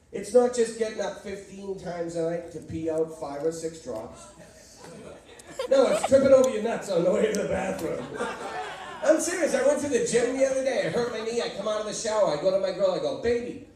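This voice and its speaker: A man's voice: sits high, a little mellow. A fifty-year-old man doing a brash, self-mocking stand-up comedy set in a club. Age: 50s. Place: comedy club with live audience. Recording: echoey room, mic from far off, audience noise.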